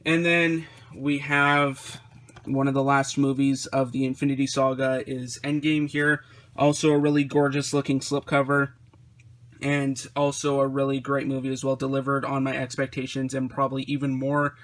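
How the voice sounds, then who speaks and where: Flat-voiced man rambling casually. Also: mid-range voice, normal speed. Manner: relaxed, rambling with frequent fillers and restarts. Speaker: vlogger reviewing his disc collection. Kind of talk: casual vlog commentary.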